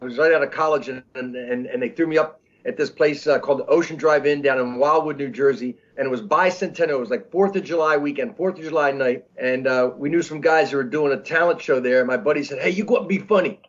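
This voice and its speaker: A man in his sixties telling stories as an interview guest, rambling and halting with many restarts. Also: medium pitch. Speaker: comedian guest. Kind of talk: casual storytelling interview. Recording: dull lo-fi audio.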